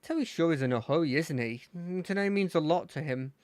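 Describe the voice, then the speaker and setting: A streamer voicing a calm, caring mother in a fangame. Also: mid-range voice, fairly quick, dry recording, lightly acted. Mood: gentle.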